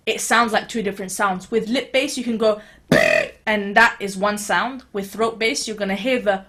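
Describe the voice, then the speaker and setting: A woman's voice: medium pitch, fairly even intonation, moderate pace, sharp tone. Encouraging woman teaching beatboxing. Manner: encouraging, reassuring, casual with fillers. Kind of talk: online video tutorial.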